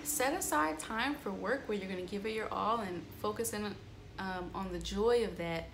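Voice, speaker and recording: A woman's voice: mid-range voice, normal speed, vocal fry, a bit bright, slight background noise. A young woman chatting candidly in a casual vlog, swearing freely and filling her speech with "like" and "um". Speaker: astrology vlogger.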